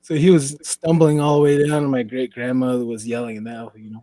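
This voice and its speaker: Guy from the four corners area rambling through a story, warm low voice, dry close mic. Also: level tone, brisk, no echo, rough recording. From US Four Corners region. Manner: rambling, leans on "you know". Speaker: podcast guest. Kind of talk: casual storytelling.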